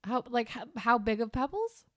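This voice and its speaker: A woman with a lively, expressive pitch co-hosts a comedy podcast. She asks questions and teases with a straight face. The sound is dry and close to the mic. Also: normal speed, dry recording. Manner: playful questioning, straight-faced teasing. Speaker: podcast co-host. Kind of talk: comedic casual chat.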